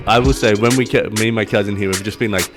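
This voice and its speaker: A man's voice: lowish voice, fairly even intonation, fast, music in the background. A man with an Australian accent, hosting a casual podcast chat, laughing often and swearing freely. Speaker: podcast host.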